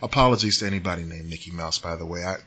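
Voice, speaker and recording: A man's voice: sits low, very fast, a crowd in the background. A man co-hosting a podcast, reading out news stories in casual chat and laughing between jokey asides. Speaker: podcast co-host.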